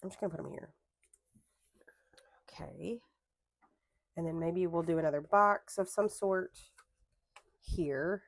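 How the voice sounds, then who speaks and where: Young woman vlogging while she decorates her planner, lowish voice, super dry close sound, rambles off on tangents. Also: moderate pace, no room sound. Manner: rambling, chatty, drifts into tangents and self-corrections. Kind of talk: casual chat while crafting. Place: at home at a craft desk.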